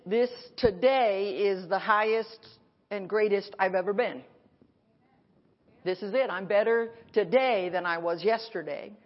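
A woman pastor preaches at a conference with emphatic, repeated declarations and dramatic pauses. Her voice sits at a middle pitch. The recording sounds dull and slightly lo-fi. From United States. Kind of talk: sermon. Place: conference hall.

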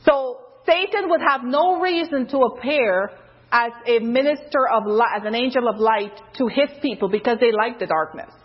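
A woman preaching an informal sermon, loose and conversational, with many fillers, who jumps higher in pitch when she quotes someone. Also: moderate pace, slightly rough. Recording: dull lo-fi recording.

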